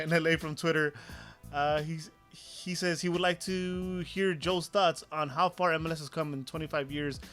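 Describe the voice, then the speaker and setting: A man's voice: on the high side, fairly even intonation, normal speed, fairly bright tone, soft background music. A man co-hosting a fan podcast, reading listener questions in an upbeat, laughing way. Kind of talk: casual chat.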